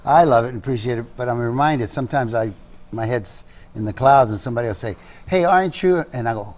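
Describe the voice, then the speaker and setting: Older male actor, interview guest, excitable and rambling, mid-pitched everyday voice. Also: fast, dull audio. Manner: excitable, rambling with frequent restarts. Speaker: actor interviewed about a film. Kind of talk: casual interview.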